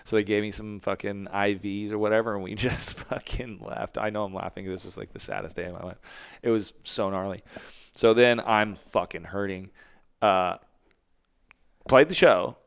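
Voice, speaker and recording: Guest spot, man in his 40s, low gravelly voice, blunt and profane, acts out quotes. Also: moderate pace. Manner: candid, heavy swearing, acts out quotes. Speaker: podcast guest, band frontman. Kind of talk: casual interview storytelling.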